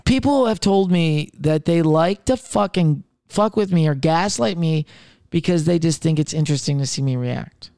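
A man's voice: a little high, normal speed, darkish tone, smooth, no echo, clean studio sound. A young man in casual podcast chat, rambling with lots of fillers and swearing as he tells personal stories. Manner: rambling, profane, filler-heavy.

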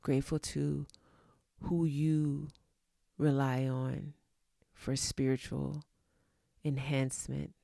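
A woman with a low, gravelly voice speaks at home in a motivational gratitude talk. She repeats affirmations over and over and drifts into chatty asides. Her tone is dark and mellow, and the sound is close and dry. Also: level tone, slow, pauses often, dry recording. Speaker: vlogger. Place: room at home.

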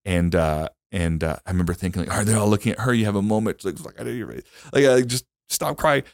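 A man's voice: on the low side, fast talker, dry recording, studio quality. A young man as a podcast guest, telling a personal story in casual chat, rambling and emotional with many fillers and restarts.

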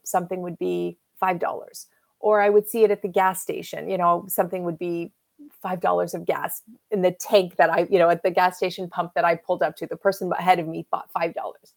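A fifty-something woman with a gravelly, mid-range voice is being interviewed. She shares a personal story with feeling, animatedly performing the words people said to her.

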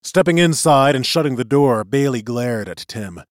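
A male narrator reading a novel with a lively, rising and falling delivery. His voice is mid-pitched and recorded dry, close to the mic. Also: normal speed, few pauses, no echo. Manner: expressive storytelling. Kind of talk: audiobook narration.

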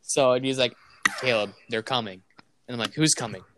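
A man's voice: medium pitch, moderate pace, fairly bright tone. A young man, a podcast co-host, rambling through a funny story in casual chat, quoting his friends and often breaking into laughter. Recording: noisy home recording.

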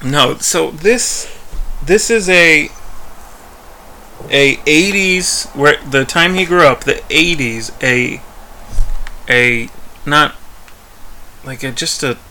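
A man talking casually on a rewatch podcast, his voice bright and forward. He laughs often and stumbles through restarts as he hunts for words. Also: fairly high pitch, slow pace, long pauses, slight background noise, poor audio. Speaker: podcast co-host. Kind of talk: casual chat, rewatch commentary.

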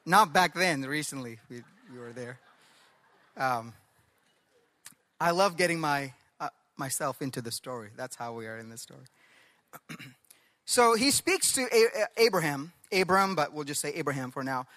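High bright preacher guy, leans hard on words, gets the room to say stuff back to him. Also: lively intonation, in a large hall. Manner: emphatic, drawn-out stresses, leads the congregation in call-and-response. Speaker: pastor. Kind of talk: sermon.

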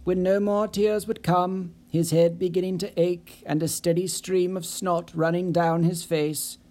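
A man reading a novel aloud in a measured, storytelling manner. His voice is mellow and sits a little high. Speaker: audiobook narrator. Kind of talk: scripted narration.

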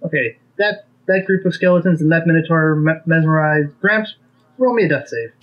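A man's voice: on the high side, moderate pace, muffled recording. A man running a tabletop game as game master, making matter-of-fact rulings.

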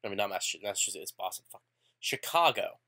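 A man co-hosting a podcast in casual chat, animated and opinionated, swearing offhand. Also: on the low side, very fast. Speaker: podcast co-host.

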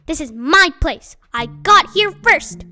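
A woman's voice: very high-pitched, animated, slow pace, sharp tone, soft background music, exaggerated voice. A woman voicing a rude, territorial male rat who shrieks and snaps at intruders in a storybook reading. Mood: snapping.

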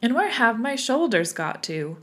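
A woman's voice: fairly high pitch, big pitch swings, measured pace, voice pushed up. A woman voicing a polite, truthful little girl in a storybook reading, earnest and a little indignant.

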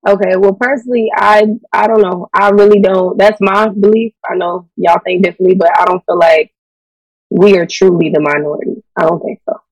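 A woman speaks in a relaxed, opinionated way, often adding "you know" as she talks. Her mic sits a bit away from her, yet the sound stays dry. The talk is loose, casual conversation. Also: medium pitch, fairly quick, dry recording, distant mic, lo-fi sound. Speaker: podcast co-host. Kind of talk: casual chat.

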